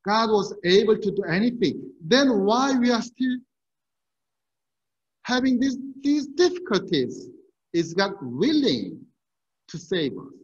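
A man pastor giving an earnest, measured sermon in a church, asking his listeners rhetorical questions. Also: high-pitched, dull audio. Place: church sanctuary.

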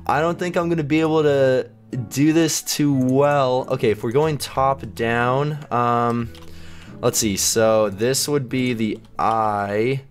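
A man talks through his game as he plays, chatty and easily amused, laughing at his own efforts. His pitch sits in an ordinary middle range. Faint music and keyboard typing run behind him. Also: fairly even intonation, takes it slowly. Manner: giggly, self-mocking, chatty. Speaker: gaming YouTuber. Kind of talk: casual gameplay commentary.

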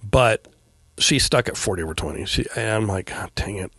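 A middle-aged man telling a personal story as a podcast guest, in a quiet, halting way with many pauses and fillers. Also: deep voice, lively intonation, creaky, husky, no echo. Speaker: guest, veteran paramedic.

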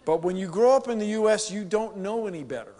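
A man from the United States giving an animated, joking conference keynote to a live audience. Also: high-pitched, quick pace. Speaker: keynote speaker. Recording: long hall reverb.

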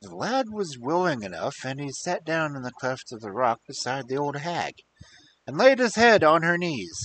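Expressive man reading a fairy tale. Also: fairly high pitch, normal speed, rough recording. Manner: expressive, dry wry asides. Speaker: storyteller.

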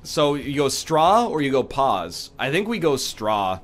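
Soft background music plays as a gaming YouTuber, mid-range and very animated, talks at a measured pace. His voice is stuffy and nasal, and his let's play commentary is rambling, jokey, and prone to tangents.

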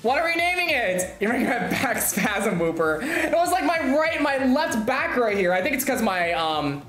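A young woman streaming a game, chatting to her viewers, bubbly and laughing as she squeals with excitement. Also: on the high side, moderate pace. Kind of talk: excited gameplay streaming chat. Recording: echoey room with music behind.

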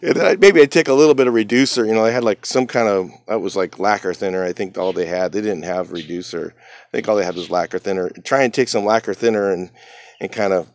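A man's voice: on the low side, fast, no echo. A man casually telling a rambling story from his old job, full of fillers, acting out what others said. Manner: rambling, many fillers, acts out other people's lines. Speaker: channel host.

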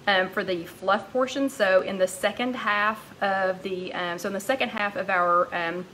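A woman hosting a casual live-stream chat, rambling warmly along and greeting viewers by name, a little out of breath. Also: mid-range voice, fairly even intonation, normal speed, a little hiss or hum, low-quality recording. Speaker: host of a live weight-loss chat.

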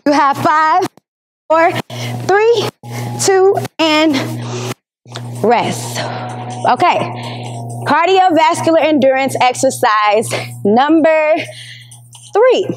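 A woman's voice: high voice, lively intonation, slow, pauses often, faint music behind, poor audio. A woman leading an exercise lesson as a PE teacher, counting down reps and encouraging while she works out, slightly out of breath.

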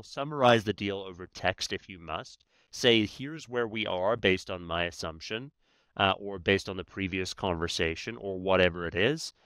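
A man's voice: lowish voice, fairly bright tone, clear, resonant tone, dry recording. A man, a guest expert on negotiation, talking in a conversational way and often tagging his points with "right?". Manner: emphatic, many "right?" tags. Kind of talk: conversational explaining.

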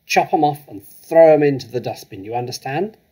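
A man's voice: mid-range voice, big pitch swings, brisk, darkish tone, breathy edge. A man reading aloud, voicing a huge, bullying headmistress who barks and bellows at a child. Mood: bellowing. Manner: barking, bellowing.

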